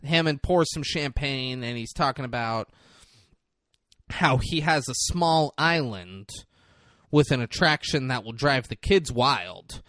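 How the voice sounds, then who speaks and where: A man's voice: medium pitch, animated, slow, fairly bright tone, no room sound, studio quality. A young man co-hosting a podcast, casually retelling a movie with lots of swearing. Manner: profane, storytelling, acts out quotes. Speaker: podcast co-host. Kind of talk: casual comedic movie recap.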